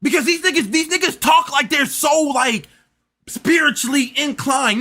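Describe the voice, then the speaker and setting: Man, high bright voice, animated, exasperated reaction rant, stammers and repeats. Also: normal speed. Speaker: reaction streamer. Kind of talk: reaction commentary.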